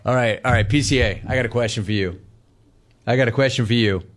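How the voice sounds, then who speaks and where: A man's voice: mid-range voice, fast. A man in his forties from Los Angeles hosting a sports talk show, telling rambling stories and reading live chat. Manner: animated, rambling storytelling, repeats phrases.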